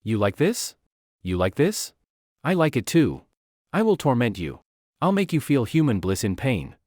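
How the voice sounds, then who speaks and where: A man's voice: mid-range voice, very animated, moderate pace, a little mellow, dry recording, clean studio sound. A man voicing an obsessive, lovestruck young woman with fire powers, talking in a clingy, possessive way. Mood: taunting. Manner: clingy, pleading then coldly possessive.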